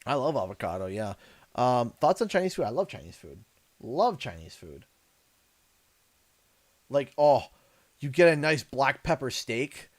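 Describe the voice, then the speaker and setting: Animated man chatting on stream. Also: medium pitch, measured pace, long pauses. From Canada. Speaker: livestream host. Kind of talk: casual gaming livestream chat. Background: game music.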